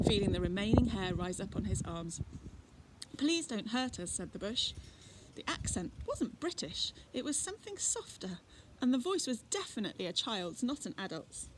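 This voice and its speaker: A woman reading a children's adventure book aloud expressively, adding chatty asides. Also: mid-range voice. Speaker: reader. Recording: noisy recording.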